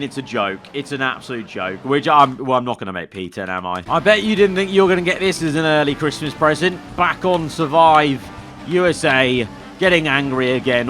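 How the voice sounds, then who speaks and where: A young man commentating his own racing game play, swinging from low muttering to excited shouting. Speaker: gaming YouTuber.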